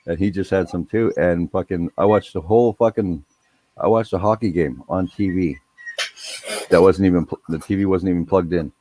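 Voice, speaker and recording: Man, very deep voice, casual chat, rambling storyteller, lots of swearing. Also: normal speed, mellow. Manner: rambling, heavy swearing, laid-back.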